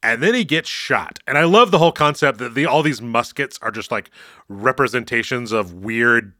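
Casual dude recapping an episode, does little voices, dry sound. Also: male voice, medium pitch, moderate pace, dry recording. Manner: animated, acts out quotes in mock voices. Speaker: podcast co-host.

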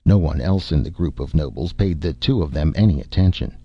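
A man reading a story aloud in measured, expressive narration, in a dull lo-fi recording. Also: rumbling low, breathy edge, dry recording. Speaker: audiobook narrator. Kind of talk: scripted narration.

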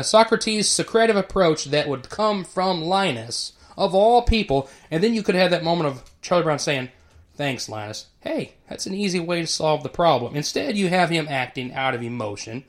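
A man's voice: high-pitched, lively intonation, moderate pace. A man, an educator, giving casual commentary in an explanatory, teacher-like way, chuckling now and then.

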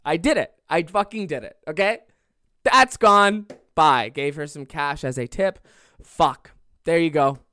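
A man's voice: a little high, a little slow, sharp tone, dry recording. Rambling, swearing young guy telling a story. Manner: rambling, profane, laughs through the story. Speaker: podcast host. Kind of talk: comedic storytelling.

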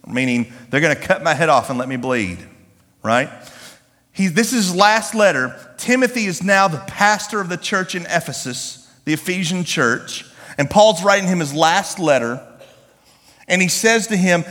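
A man preaching a sermon in a church, animated and humorous, reading scripture slowly with emphasis. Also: sits high. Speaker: pastor. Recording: echoey hall with long reverb.

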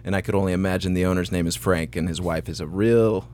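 A man's voice: low voice, fairly even intonation, fast, crowd noise. A man hosting a podcast interview, joking and rambling in a self-deprecating, casual way. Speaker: podcast host.

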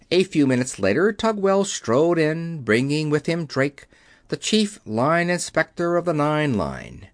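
A man reads a novel aloud at a steady storytelling pace. His pitch moves a lot through each sentence. The recording is dry and close, with no room sound. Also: measured pace, no room sound. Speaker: audiobook reader. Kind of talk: scripted narration.

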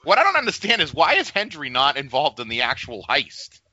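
A man's voice: fairly high pitch, huge pitch swings, a little fast, pushed and bright, no room sound, muffled recording. A man co-hosting a casual film commentary, profane and laughing as he quotes lines. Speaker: podcast co-host.

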